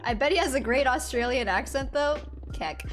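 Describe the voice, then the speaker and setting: A woman's voice: sits high, normal speed. Giggly, chatty young woman streamer. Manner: chatty and giggly, talking to chat. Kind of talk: casual live-stream chat while gaming. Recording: faint music in background.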